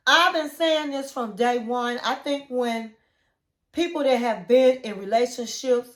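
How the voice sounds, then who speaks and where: A woman's voice: fairly high pitch, expressive, unhurried, fairly bright tone, roomy sound. A woman hosting a casual, opinionated reality TV recap, talking chattily and acting out the quotes. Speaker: YouTube recap host.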